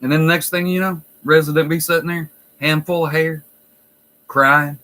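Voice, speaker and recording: A man's voice: fairly high pitch, little pitch movement, brisk, fairly bright tone, poor audio. A man who works in a nursing home, telling stories in a blunt, profane, wry way. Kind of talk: casual storytelling vlog.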